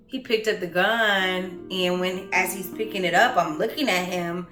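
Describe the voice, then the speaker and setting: A woman recounting her own story in an earnest, reflective way, halting often with pauses and fillers. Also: on the low side, bright, forceful tone, roomy sound. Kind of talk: personal storytelling.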